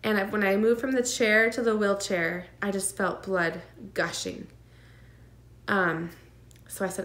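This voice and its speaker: A woman speaks to her camera in a casual vlog, recounting a personal story. Her delivery is earnest and emotional, full of fillers and nervous little laughs, at a middle pitch. The room around her is echoey. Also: steady tone, a little slow, fairly bright tone. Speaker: vlogger sharing her twin pregnancy.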